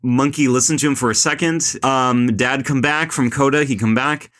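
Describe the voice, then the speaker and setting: A man's voice: medium pitch, fairly even intonation, normal speed, fairly bright tone. A young man hosting a casual film podcast, retelling a movie in a rambling, joking way full of "like" and "uh". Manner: rambling, lots of "like" and "uh", jokey retelling. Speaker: podcast host.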